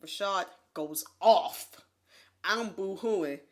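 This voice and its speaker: A woman co-hosting a podcast, telling a personal story in casual chat, animated and laughing often as she acts out what others said. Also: medium pitch, very slow. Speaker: podcast co-host. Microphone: USB condenser mic.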